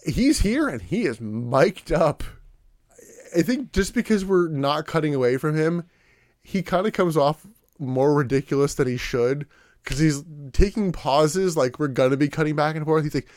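A man's voice: fairly high pitch, animated, moderate pace, a little mellow, no echo, studio quality. A man co-hosting a podcast, recapping in a rambling, casual way and acting out little voices as he goes. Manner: rambling, acts out voices, heavy "like" filler. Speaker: podcast co-host recapping wrestling.

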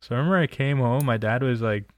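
A man's voice: medium pitch, fast. A young man from New Jersey telling personal stories in a loose, profane, chatty way. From New Jersey, USA. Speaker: storyteller. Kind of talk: casual personal storytelling.

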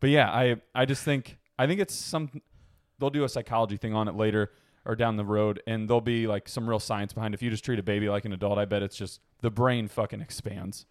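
A man's voice: on the low side, steady tone, fast talker, no echo, clean studio sound. A man co-hosting a podcast in casual chat, rambling, laughing often and swearing freely. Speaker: podcast co-host.

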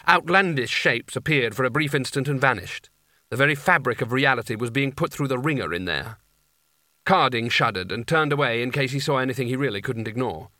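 A man narrating an audiobook in a dry, measured storytelling manner. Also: medium pitch, bright, forceful tone, dry recording. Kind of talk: scripted narration.

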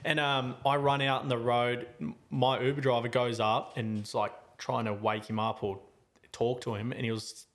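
A man's voice: mid-range voice, little pitch movement, normal speed. A man, a podcast host telling a travel story in casual, rambling chat full of slang and fillers.

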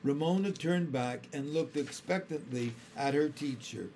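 A man reading a children's chapter book aloud in a calm, careful storytelling manner. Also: medium pitch, a little slow, hardly any pauses, slight background noise. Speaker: storybook reader.

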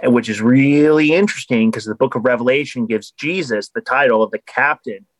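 A man speaks as a guest on a podcast, earnest and explanatory in a casual conversational tone. His pitch sits in the middle range. The recording is dry and close, with no room sound. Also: fairly quick, no room sound, low-quality recording.

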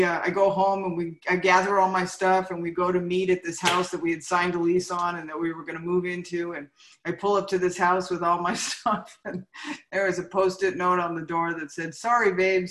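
A woman's voice: fairly low pitch, fairly bright tone, echoey room, rough recording. A woman sharing her recovery story at a meeting, frank and self-mocking, often tagging on "right?".

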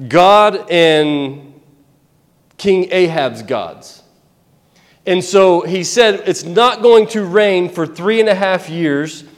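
A man preaching a sermon, retelling a Bible story in an animated, conversational way with asides. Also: on the high side, long reverb tail.

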